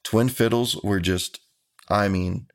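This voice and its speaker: A man's voice: fairly low pitch, fairly even intonation, takes it slowly. A man, a country singer talking earnestly and unhurriedly as an interview guest. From Texas. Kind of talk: casual interview talk.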